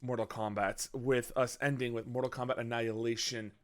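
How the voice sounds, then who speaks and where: A man's voice: mid-range voice, little pitch movement, brisk, fairly bright tone. A man hosting a casual movie podcast, loose and joking with swearing and laughing asides. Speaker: podcast host.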